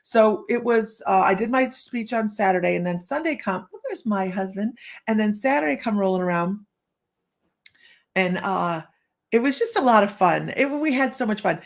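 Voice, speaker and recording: A woman's voice: mid-range voice, expressive, moderate pace. Chatty woman telling stories on a livestream. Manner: chatty storyteller who acts out quotes and laughs often. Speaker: psychic hosting a live stream. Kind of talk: casual live-stream chat. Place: room at home with the window open.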